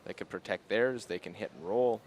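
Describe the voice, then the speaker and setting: Low-voiced man calling curling play. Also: brisk, slight background noise. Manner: calm, explanatory. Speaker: curling commentator. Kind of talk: play-by-play commentary.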